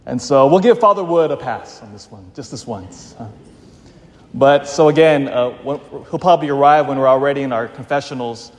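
A man, a parish priest, giving an emphatic, storytelling sermon that slows down for emphasis. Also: mid-range voice. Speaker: pastor. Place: church. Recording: long church reverb.

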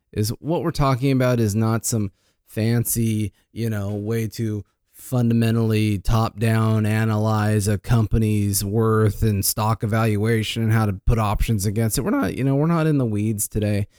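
A man who is a financial planner, chatting on a talk show. He tells stories in an animated way, acting out quoted lines and often restarting and repeating words. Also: fairly low pitch, moderate pace, dry recording, clean studio sound. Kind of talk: casual radio chat.

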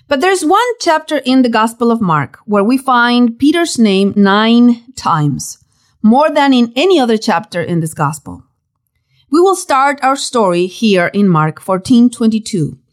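A woman giving a devotional Bible teaching in a dramatic, expressive way, full of rhetorical questions. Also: a little high, a little slow.

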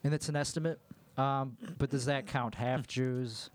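A man's voice: mid-range voice, steady tone, measured pace, dry recording. A young man, a guest comedian on a podcast, joking in a wry, self-deprecating way. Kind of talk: casual comedy podcast chat.

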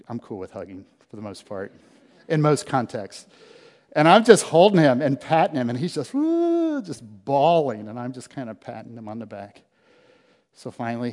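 Male pastor, mid-pitched, animated sermon storyteller with sudden hushes, long hall reverb. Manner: animated storyteller, swings from loud bursts to hushed low lines.

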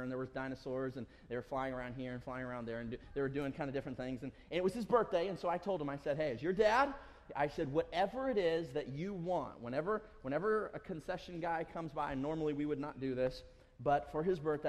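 Male pastor with a high voice, giving a sermon in a church with long reverb; slows for emphasis, chatty storytelling. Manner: slows and swells on key phrases, folksy storytelling in between. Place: church sanctuary.

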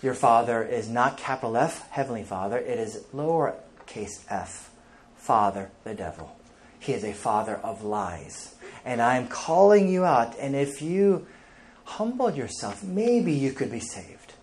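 A man's voice: medium pitch, very animated, a little slow, a little hiss or hum. A male pastor preaching an emphatic sermon, reading scripture aloud and speaking directly to the congregation.

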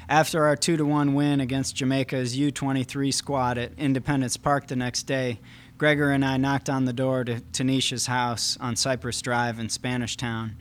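A man's voice: mid-range voice, normal speed, smooth. A man, the author, answering questions with many fillers and then reading a passage from his first novel at a live event. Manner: hesitant when talking, steady when reading.

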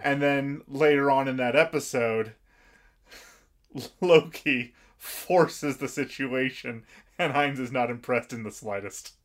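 A man's voice: medium pitch, slow pace. A man in casual chat explaining an anime plot, hesitant with fillers. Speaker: podcast co-host.

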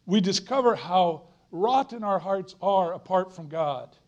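High-voiced earnest male preacher. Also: lively intonation, a little slow, lo-fi sound. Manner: earnest, emphatic, repeats phrases for stress. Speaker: guest preacher. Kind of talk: sermon.

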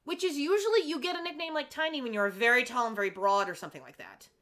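This female podcast co-host talks quickly with a fairly high pitch, casually going over an episode. She's animated throughout, acting out what the characters said in quotes.

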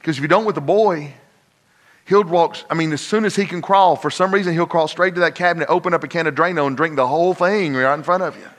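Older male pastor, bright forceful tone, folksy and emphatic, church-hall reverb. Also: a little high, fast talker. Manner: folksy, builds to loud emphatic peaks. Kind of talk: sermon.

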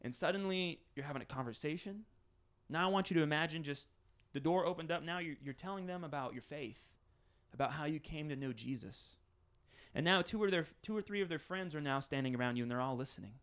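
A man's voice: on the high side, a little fast, fairly bright tone, clean tone. A man preaching a conversational sermon as pastor, building scenarios with rising intensity.

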